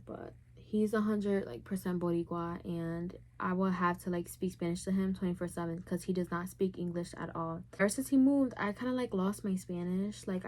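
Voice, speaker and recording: Candid chatty young woman vlogger. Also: on the low side. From Puerto Rican heritage. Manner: candid and chatty, heavy use of "like". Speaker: YouTuber. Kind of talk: casual Q&A vlog.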